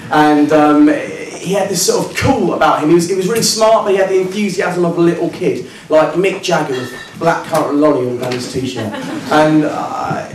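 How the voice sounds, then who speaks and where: A man's voice: on the high side, background noise. A young adult man telling a comic story on stage in a self-mocking, hesitant way, with ums and restarts. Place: working men's club stage, indoors. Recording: echoey club with distant mic and audience. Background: live audience.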